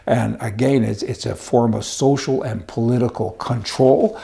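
A man's voice: medium pitch, fairly even intonation, normal speed, gravelly, warm tone. A man delivering a rambling, indignant opinion monologue with a sarcastic edge. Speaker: commentator.

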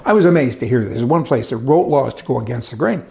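A man's voice: mid-range voice, lively intonation, fast, vocal fry, dark tone. An older man delivering a sarcastic opinion monologue, ranting and chuckling as he talks. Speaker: commentary host.

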